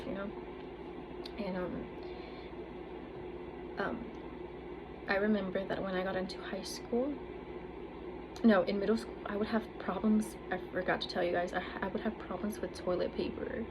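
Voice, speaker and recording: Chatty young woman, noisy background. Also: mid-range voice. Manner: rambling, many fillers, acts out her own past thoughts. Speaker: vlogger. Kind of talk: casual personal storytelling. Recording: noticeable background noise.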